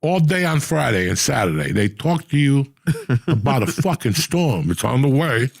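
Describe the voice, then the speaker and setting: An older man tells a rambling, profanity-laced story as a podcast host. His voice is gravelly and a bit husky, sitting at a middle pitch. It is recorded dry and close, with no room sound. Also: very animated, moderate pace, dry recording. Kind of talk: casual storytelling chat.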